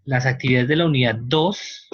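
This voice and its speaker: A man's voice: medium pitch, quick pace, lo-fi sound, a little hiss or hum. A man, a teacher giving a university lecture, explaining patiently and often checking that students follow. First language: Spanish.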